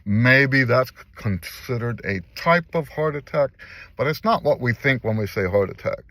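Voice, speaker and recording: An older man, a vlogger and musician, speaks earnestly in a casual personal vlog from his car, repeating phrases for emphasis. His medium-pitched voice is animated and fairly bright, at a moderate pace, and the recording is dry.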